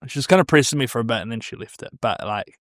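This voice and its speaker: A man, hosting a podcast in relaxed, reflective casual chat with some swearing. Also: medium pitch, racing, no echo, studio quality. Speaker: podcast host.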